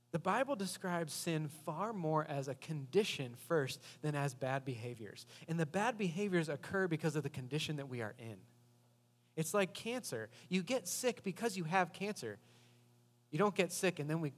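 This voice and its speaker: Conversational preacher in a reverberant hall. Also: male voice, fairly high pitch. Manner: conversational, animated storytelling. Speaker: pastor. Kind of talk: sermon.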